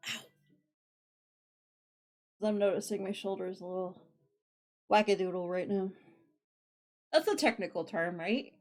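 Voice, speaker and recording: A woman on a craft live stream who quietly counts her stitches under her breath, then chats casually to her viewers. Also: medium pitch, moderate pace, pauses often, poor audio. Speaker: craft livestreamer. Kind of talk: casual live-stream chat while knitting.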